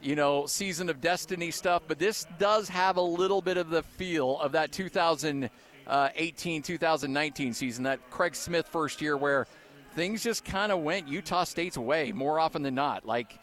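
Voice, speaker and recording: A man hosting postgame radio commentary from an arena booth, excited at first and then running through stats with fillers. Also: fairly high pitch, normal speed. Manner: excited, then thoughtful stat recap with fillers. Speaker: radio sports broadcaster.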